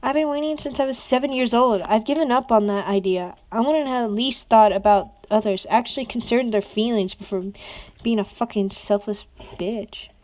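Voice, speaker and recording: Woman reading hurt, foul-mouthed teen boy; bitter, accusing, swearing, fairly high voice. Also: normal speed, a little mellow, close to an everyday voice.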